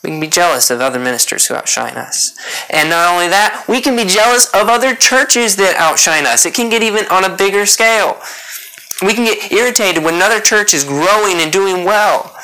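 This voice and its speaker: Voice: mid-range voice, lively intonation, fairly quick, pushed and bright, rough recording. A preacher delivering a sermon, earnest, repeating key points and putting rhetorical questions to the congregation.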